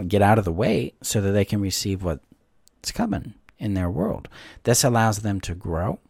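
A gentle, soft-spoken man explains emotional boundaries in a calm, reassuring teaching voice. His tone sits low with a gravelly texture. The sound is dry and close, with no room echo. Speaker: codependency coach and course teacher. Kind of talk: calm instructional talk to camera.

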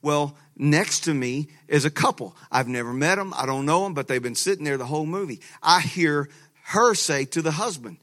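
A man pastor preaching a sermon, telling a lively story with laughter and frequent restarts. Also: a little high, normal speed.

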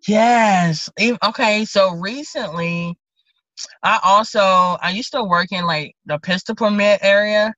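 A woman's voice: mid-range voice, unhurried, a bit bright, no room sound. A woman sheriff's deputy with a Southern US accent telling a story in a casual interview, animatedly acting out both sides of the conversation. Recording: dull lo-fi podcast audio.

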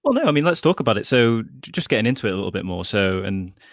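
A man's voice: lowish voice, sing-song, rapid-fire, dry recording, studio quality. A man hosting a podcast in a casual, easygoing way, steering the conversation.

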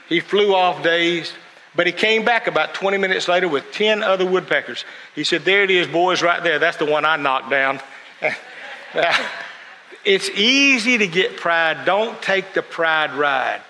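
A man's voice: high-pitched, pushed and bright. A man preaching a sermon, telling stories and acting out the voices of people he quotes. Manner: storytelling, acts out quoted voices. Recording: long hall reverb, faint noise.

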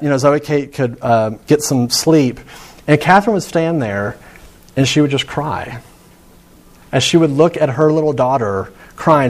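A young adult man, a pastor, preaching a sermon in a conversational way, building emphasis and slowing down on key words. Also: a little high. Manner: conversational preaching with rising emphasis and slow dramatic pauses.

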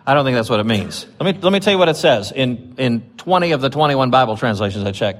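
A male pastor gives a loose, talkative sermon at an ordinary mid-range pitch. He trips over his words, fills gaps with "um" and "uh", and lifts his voice when he quotes scripture. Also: expressive, quick pace, hardly any pauses. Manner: chatty, with many fillers and restarts, rising when reading scripture. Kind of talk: conversational sermon.

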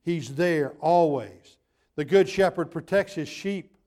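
A man's voice: fairly high pitch, takes it slowly, a little mellow. A man preaching a sermon as pastor, building his points through emphatic repetition.

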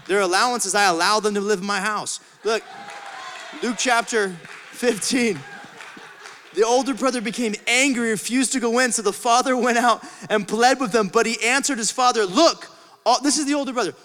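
Middle-aged male pastor, high, bright voice, big swings from shouts to hushed asides, long hall reverb. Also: fairly quick. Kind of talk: sermon. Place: church auditorium.

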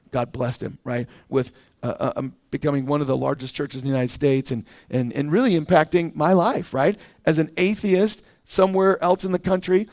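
A middle-aged man delivers a sermon from a church pulpit, his voice pitched high for a man. He talks in an animated, conversational way and slips into quick voices to act out the people in his stories. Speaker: pastor.

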